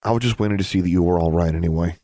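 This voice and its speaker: A man's voice: low voice, very fast, mellow, no echo, clean studio sound. A man voicing an awkward boy who grumbles. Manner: gruff, awkward.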